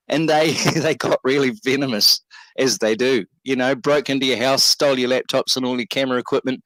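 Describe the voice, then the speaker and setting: A man's voice: medium pitch, fairly even intonation, brisk, a bit bright, no echo, poor audio. A man co-hosting a casual talk show, laid-back and reassuring, with lots of ums and uhs.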